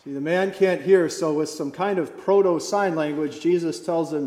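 A pastor delivering a sermon, slow and emphatic, dropping to soft, quiet phrases for effect. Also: male voice, on the high side, reverberant, long reverb tail. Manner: slow emphatic preaching with dramatic drops in volume.

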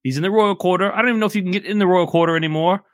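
A man's voice: sits high, very fast, a bit bright, no room sound, voice pushed up. Guy doing a fed-up temple shop lady, irish accent slipping in and out, dry sound. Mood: exasperated. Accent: patchy Irish put-on. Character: irritated woman shopkeeper of a temple.

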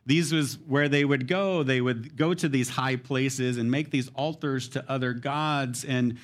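A man's voice: medium pitch, steady tone, measured pace. Earnest male pastor explaining scripture. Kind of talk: sermon.

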